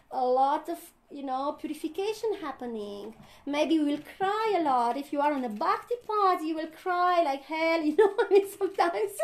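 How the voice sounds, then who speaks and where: A woman, a spiritual teacher, giving an earnest satsang talk, often laughing and acting out inner voices. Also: high voice.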